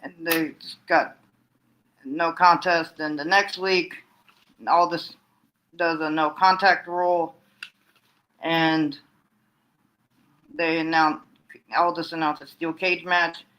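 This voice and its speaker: A man's voice: fairly high pitch, steady tone, measured pace, pauses often, bright, forceful tone, poor audio. A man giving a casual solo recap, rambling along with frequent restarts and fillers. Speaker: wrestling fan recapping storylines.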